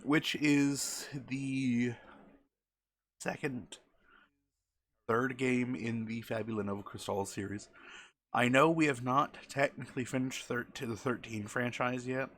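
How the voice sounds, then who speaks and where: A man's voice: medium pitch, a bit bright. A man chatting casually as a game streamer, rambling and often correcting himself mid-sentence.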